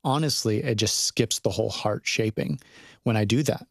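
A man's voice: lowish voice, normal speed, vocal fry, no room sound. A man speaking earnestly about fatherhood and faith in a casual studio conversation. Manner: earnest, preacherly.

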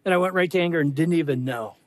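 An older man preaching a sermon in an animated way, acting out quoted dialogue with big jumps in his voice. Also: fairly high pitch, very fast, dry recording. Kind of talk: sermon to a live audience.

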